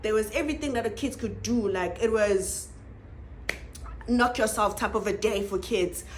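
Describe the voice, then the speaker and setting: A South African woman reviewing a reality show in a casual, animated way, laughing and exclaiming often. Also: medium pitch, moderate pace, slight background noise.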